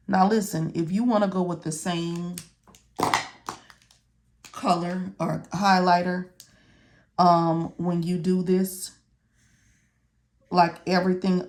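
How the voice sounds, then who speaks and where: A woman instructor walking students through medical coding notes step by step, often checking in with "okay?". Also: lowish voice. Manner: repeats "okay?" and "all right?" to check in. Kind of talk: casual step-by-step tutorial.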